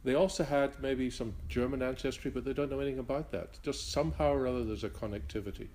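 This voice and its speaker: An older man from Northern Ireland with a blended Northern Irish and Rhodesian accent, answering interview questions in a reflective, halting way with frequent restarts. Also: medium pitch, fairly even intonation, darkish tone. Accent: mixed Northern Irish and Rhodesian. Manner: halting, many restarts and fillers.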